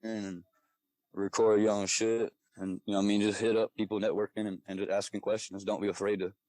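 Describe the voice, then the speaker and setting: Male rap artist guest, low flat voice, dry close sound. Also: brisk, no echo, poor audio. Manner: relaxed, swears, many fillers. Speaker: guest rapper. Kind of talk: casual podcast interview.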